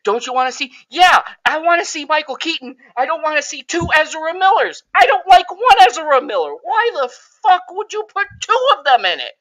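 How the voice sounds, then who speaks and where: A middle-aged man hosting a podcast, ranting loudly and swearing, exasperated. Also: very high-pitched, big pitch swings, moderate pace, few pauses, low-quality recording. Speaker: podcast host. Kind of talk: profane movie rant.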